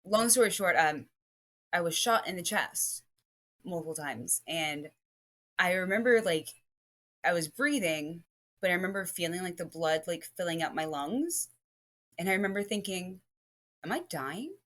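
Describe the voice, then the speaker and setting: Female podcast guest, deep voice, lively, chatty storyteller with lots of fillers. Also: normal speed. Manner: lively, rambling storytelling full of "like" and restarts. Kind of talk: casual podcast chat.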